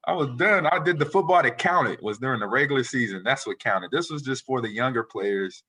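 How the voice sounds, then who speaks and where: A man in his forties, a retired football player, telling animated, rambling stories as a guest in a casual interview. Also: mid-range voice, a little fast, breathy edge. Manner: animated, rambling storyteller who acts out quotes.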